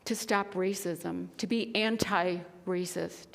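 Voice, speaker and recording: A woman minister tells a story in earnest sermon style, sometimes falling to a hush. Her voice rings out with a long reverb, as in a church hall. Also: lowish voice, fairly even intonation, slow pace, vocal fry. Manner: earnest storytelling with soft, hushed passages. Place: spiritual center sanctuary.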